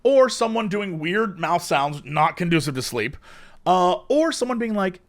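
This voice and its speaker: A man's voice: sits high, a little slow. A young man co-hosting a podcast, chatting casually and acting out the voices in his stories. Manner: animated storytelling with mimicked voices. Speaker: podcast co-host. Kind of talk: casual chat.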